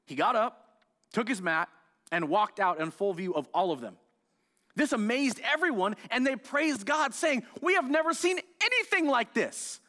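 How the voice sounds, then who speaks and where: A male pastor from the United States preaching a sermon, telling the story with animated, acted-out outbursts. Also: very high voice, normal speed. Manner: animated storytelling, acts out scenes, loud excited outbursts.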